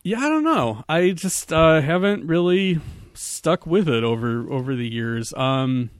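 A man co-hosting a casual movie chat, laid-back and rambling, with hesitant pauses. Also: a little high, animated, dry recording. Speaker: podcast co-host.

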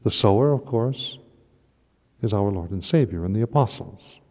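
A man's voice: on the low side, animated, normal speed, dark tone. A man preaching a sermon at Mass, impassioned and rising to emphatic peaks. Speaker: priest. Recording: dull lo-fi recording in a long-reverb hall.

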